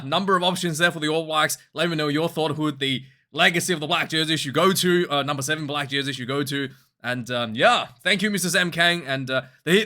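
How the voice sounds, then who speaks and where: A man hosting a casual rugby match review vlog, talking in an animated, rambling way with frequent laughs. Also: fairly high pitch.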